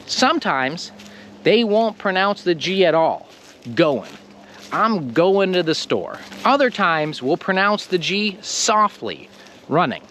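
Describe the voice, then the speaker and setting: A man with an American accent teaching English pronunciation, speaking slowly and emphatically and stressing the ends of words. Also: high voice, a little hiss or hum. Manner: slow, emphatic, lively delivery with stressed word endings. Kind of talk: scripted lesson to camera.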